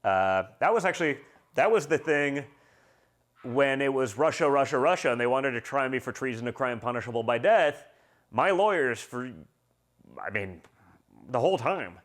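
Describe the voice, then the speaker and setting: A man's voice: mid-range voice, animated, fairly quick, a bit bright. A man hosting a casual livestream, talking bluntly and combatively and reading out viewer comments.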